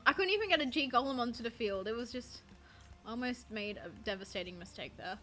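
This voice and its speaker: Bright-voiced chatty woman streamer. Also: a little high, brisk, soft background music. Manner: rambling, chatty, self-deprecating, swears casually. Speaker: VTuber streamer. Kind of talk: casual gaming stream chat.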